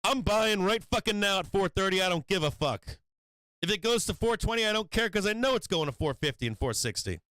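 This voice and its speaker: A brash, defiant bull-market buyer swears and refuses to wait, as a man puts him on. The voice jumps high and gets louder. It sounds dry and close. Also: animated, fairly quick, dry recording. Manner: loud, defiant, profane.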